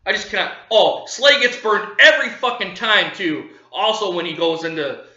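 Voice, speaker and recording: A man's voice: high voice, moderate pace, bright, forceful tone, echoey room, lo-fi sound. Furious man in a profane rant. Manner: profane, furious, repeating himself. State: livid. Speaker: sports fan vlogger. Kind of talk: angry fan rant.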